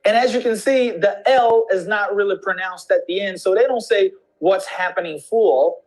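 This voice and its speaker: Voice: mid-range voice, fairly even intonation, normal speed, poor audio. An English teacher in an instructional video lesson, demonstrating slang greetings with repeated examples.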